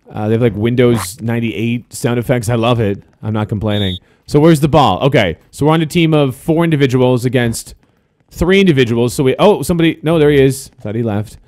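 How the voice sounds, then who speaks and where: A man hosting a gaming video, giving live commentary with excitable, swearing outbursts and jokey asides to viewers. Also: on the high side, a little hiss or hum.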